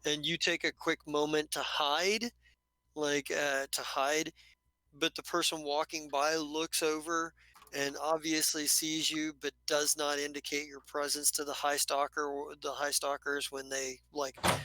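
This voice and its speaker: A man's voice: on the high side, level tone, a little slow, sharp tone, no echo, rough recording. A man narrating a tabletop game as game master, rambling with many restarts and casual swearing.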